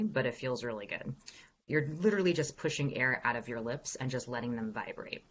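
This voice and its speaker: A woman's voice: extremely low pitch, fairly quick, muffled recording, slight background noise. A woman voice coach answering questions in an online workshop, upbeat and encouraging as she demonstrates exercises. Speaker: executive voice coach. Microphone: video call.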